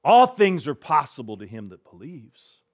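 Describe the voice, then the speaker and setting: A man preaching a sermon as pastor, retelling a scripture story vividly, swinging between hushed and emphatic delivery. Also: a little high, sing-song, moderate pace.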